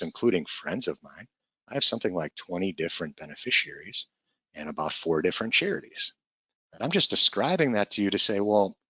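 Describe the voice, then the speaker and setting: A middle-aged man with a deep, low voice talks earnestly and reflectively, coaching fellow advisors and often asking rhetorical questions. The recording is dry and a little muffled, with no room sound. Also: a bit bright, no echo.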